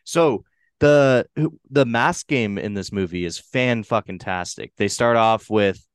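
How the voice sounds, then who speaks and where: Smooth-voiced New Hampshire man. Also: on the low side, unhurried, no echo, clean studio sound. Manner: loose, rambling, swears casually. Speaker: podcast host. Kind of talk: casual movie review chat.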